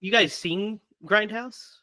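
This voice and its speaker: Male podcast host, bright upper voice, dry close mic, chatty and loose. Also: high-pitched, takes it slowly, no room sound. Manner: chatty, laughs often, stumbles with fillers. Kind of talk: casual podcast chat.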